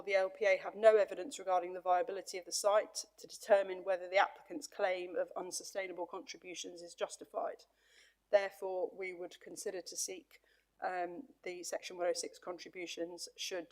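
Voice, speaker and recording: A woman presenting a planning report to a council committee in a measured, formal way, with a few hesitant repeats. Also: mid-range voice, a little mellow. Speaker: planning officer. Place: council meeting chamber.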